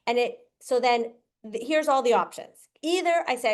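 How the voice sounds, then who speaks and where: A woman with a slightly high voice hosts a podcast and gives advice in casual, earnest talk. She is animated and acts out little quoted lines as she explains. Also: moderate pace. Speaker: podcast host.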